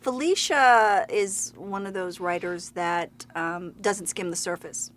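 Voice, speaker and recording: A woman's voice: lowish voice, slow pace, slight background noise. A woman in her forties from Baltimore, a talk show guest chatting animatedly and laughing often as she tells stories. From Baltimore, USA. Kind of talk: casual chat.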